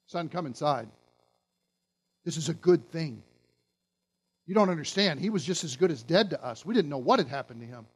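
A man voicing a father in a sermon retelling, speaking softly and pleading. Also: on the high side, expressive, moderate pace, pauses often, slightly rough, voice pushed down. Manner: soft, pleading.

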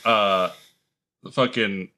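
A man's voice: lowish voice, fairly even intonation, very slow, bright, forceful tone. A man co-hosting a podcast in casual chat, joking and swearing freely. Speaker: podcast co-host.

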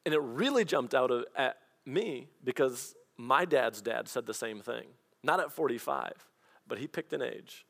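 A man preaching a sermon as pastor, telling personal stories in a lively conversational way. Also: mid-range voice, measured pace, gravelly. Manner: storytelling, animated and conversational.

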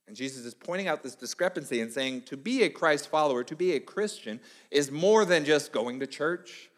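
Guy preaching a sermon, kinda high voice, lively storyteller, big echoey church hall. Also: a little fast. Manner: animated storytelling, acting out quoted voices. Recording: long hall reverb.

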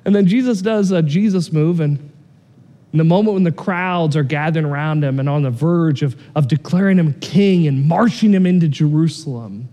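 A man preaching a sermon as pastor, animated and swinging between loud excitement and quiet, earnest intensity. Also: a little high, long reverb tail.

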